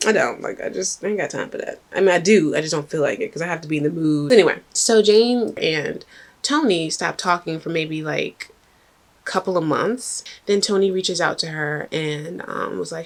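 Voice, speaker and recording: A woman telling a personal story to her viewers in a chatty, animated way, talking straight to the audience. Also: deep voice, moderate pace. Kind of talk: casual storytime vlog.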